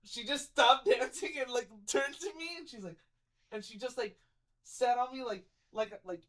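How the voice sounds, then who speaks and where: A young man tells a long, meandering story in a relaxed podcast chat. He strings his sentences together with constant fillers and slips into quick impressions of the people in the story. He laughs often while he talks. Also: very high-pitched. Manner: rambling storytelling, heavy on filler words, acts out other people's lines. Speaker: podcast co-host telling a story. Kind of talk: casual chat.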